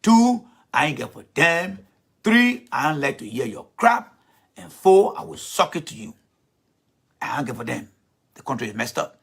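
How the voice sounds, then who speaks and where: A man's voice: on the high side, sing-song, normal speed, vocal fry, a bit bright, slightly rough. A man giving blunt, profane political talk in an online broadcast, repeating his points. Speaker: political commentator.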